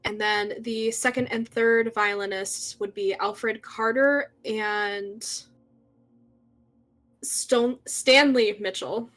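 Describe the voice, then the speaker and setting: A woman's voice: on the high side, steady tone, slow pace, fairly bright tone. A woman narrating a tabletop horror game as game master, setting scenes with many fillers.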